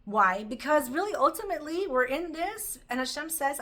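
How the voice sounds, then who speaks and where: A woman teaching a Torah class, telling stories in an animated way and mixing in Hebrew terms. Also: sits high, a little fast.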